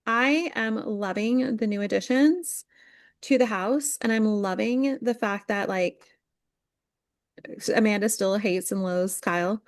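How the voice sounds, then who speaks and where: A young woman gossips her way through reality TV recaps, slipping into quick impressions of the people she talks about. The recording is dry and close, with no room sound, and her voice sits at a middle pitch. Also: no echo. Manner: chatty, animated, acts out quotes with lots of "like". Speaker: podcast co-host. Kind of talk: casual chat recapping reality TV.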